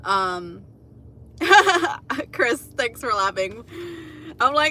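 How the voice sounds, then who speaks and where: A young woman hosting a casual livestream, telling animated, profane stories and laughing at her own jokes. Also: mid-range voice, extremely slow, pauses often, slight background noise. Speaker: livestream host.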